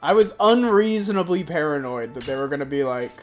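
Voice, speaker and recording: Animated, swearing streamer with lively pitch. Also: fairly quick, faint music behind. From Florida. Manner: animated, profane, puts on voices for quoted people. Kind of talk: casual storytelling.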